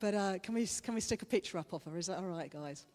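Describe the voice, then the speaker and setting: A woman's voice: lowish voice, fast, a little mellow. A woman preacher giving a chatty, playful sermon to a congregation, teasing them as she goes. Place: church hall. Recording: reverberant hall.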